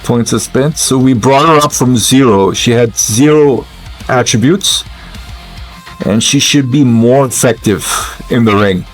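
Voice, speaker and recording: A man's voice: medium pitch, a little slow, soft background music. A man giving casual, musing gameplay commentary, hesitant and full of fillers as he thinks aloud. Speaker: gamer commentator.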